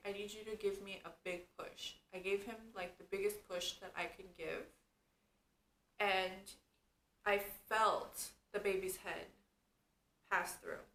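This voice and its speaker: A young adult woman vlogger tells a story in casual chat, constantly saying "like" and "you guys." Her voice is medium-pitched with a fairly bright tone, recorded in an echoey room with faint background noise.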